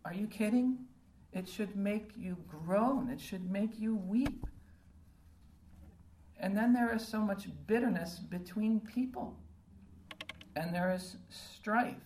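A woman's voice: medium pitch, slow, pauses often, a little mellow, a little hiss or hum. A woman preaching a sermon, earnest and full of rhetorical questions, with frequent um fillers. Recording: roomy echo from a distant mic, faint ambience.

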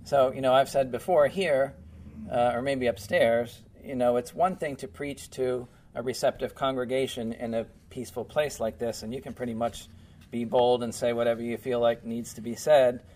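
A man's voice: medium pitch, fairly even intonation, moderate pace, a little mellow. A man preaching a Bible-teaching sermon in a casual, conversational way, filling his talk with "you know" and "um". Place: church.

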